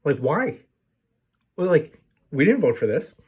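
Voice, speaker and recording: A man's voice: a little high, very animated, unhurried, a little mellow, slightly rough. A man telling a long story to his viewers in a casual, profane way, full of fillers and restarts. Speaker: video blogger telling a story.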